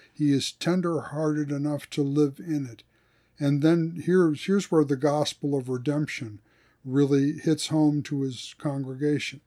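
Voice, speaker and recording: A man, a theologian, talking through ideas in a thoughtful podcast discussion and reading quotes slowly. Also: a little high, warm tone.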